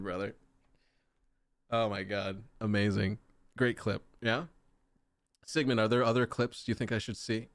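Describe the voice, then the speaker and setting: A man's voice: fairly low pitch, little pitch movement, measured pace, pauses often, no room sound. A man streaming a video game, chatting casually with viewers in joking, rambling, self-mocking banter. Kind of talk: casual live-stream chat. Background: game music.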